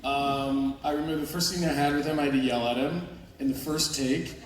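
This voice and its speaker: A man telling lively anecdotes on a convention panel and acting out the other voices in his stories. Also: medium pitch, fairly quick. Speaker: panel guest actor. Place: large convention hall with an audience. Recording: echoey hall recording from far off with crowd noise.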